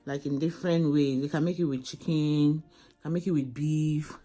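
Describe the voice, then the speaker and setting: A woman's voice: deep voice, fairly even intonation, moderate pace, dark tone, faint music behind. A pregnant woman in a hospital room, tired while awaiting labor, chatting casually to camera and circling back to the same phrases. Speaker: vlogger.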